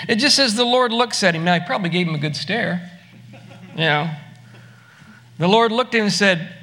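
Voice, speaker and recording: A male pastor delivers a sermon in a high, clear, bright voice. He keeps it conversational and often turns to ask the listeners questions. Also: a little fast, long pauses. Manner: conversational preaching, asks the listeners direct questions.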